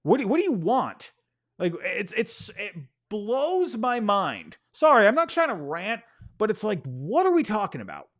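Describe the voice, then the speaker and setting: A man on his own sports show rants in an exasperated, casual way, often stumbling over and repeating words. His voice sits a little high and swoops up and down constantly. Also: a little slow. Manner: animated, exasperated, repeats himself, apologizes for ranting. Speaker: sports podcast host. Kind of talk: casual opinion rant.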